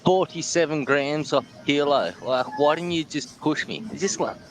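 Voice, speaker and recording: A man's voice: on the high side, lively intonation, normal speed, noisy background. An Australian man being interviewed about eating chilli, chatting casually and bluntly, joking and laughing as he talks. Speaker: guest, chilli-eating champion.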